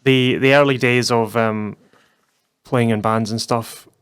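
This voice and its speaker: Chatty Scottish man, smooth dry voice. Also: medium pitch, fairly even intonation, fairly bright tone, no echo. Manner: chatty, rambling, quick to laugh. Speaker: podcast co-host. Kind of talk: casual podcast chat.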